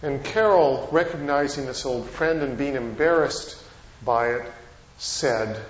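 A man's voice: medium pitch, unhurried. A male pastor preaching a sermon, telling stories with rising and falling emphasis. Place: church sanctuary. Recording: echoey church, dull lo-fi sound.

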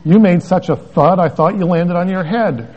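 A man's voice: sits high, moderate pace, long reverb tail, faint music behind, voice pushed up, close to an everyday voice. A man reading a shaken, earnest wife. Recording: dull lo-fi recording.

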